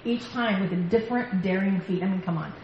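A woman speaker giving a lively faith talk to a women's gathering from a stage mic, telling stories and laughing often. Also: mid-range voice, a little fast, dull audio, a crowd in the background. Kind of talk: sermon-style faith talk. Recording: echoey hall, faint background noise.

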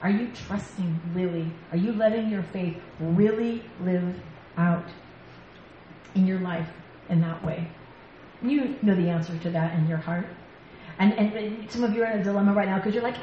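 Animated woman preaching in an echoey hall. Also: mid-range voice, fairly quick, dull audio. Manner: lively storyteller, laughs often. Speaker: women's ministry speaker. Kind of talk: sermon-style faith talk. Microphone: stage mic. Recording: echoey hall, faint background noise.

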